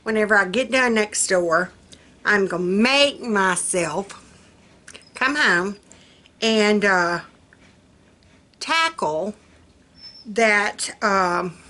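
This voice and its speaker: A woman's voice: mid-range voice, lively intonation, extremely slow, long pauses, pushed and bright. Giggly folksy woman vlogger. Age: older. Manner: giggly, folksy, laughs often at her own jokes. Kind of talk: casual chat to camera.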